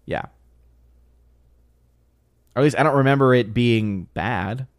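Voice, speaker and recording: A man's voice: medium pitch, measured pace, clear, resonant tone, dry recording, clean studio sound. Chatty man hosting a live stream. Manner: chatty, thinks aloud with restarts and small laughs. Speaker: live stream host reading chat. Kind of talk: casual live stream chat.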